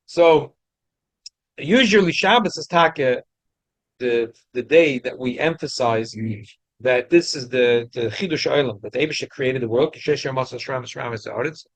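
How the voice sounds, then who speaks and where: A man's voice: medium pitch, a little slow, no room sound. A man giving a Torah class to a study group, explaining with frequent restarts and Hebrew and Yiddish terms. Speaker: rabbi teaching a study group.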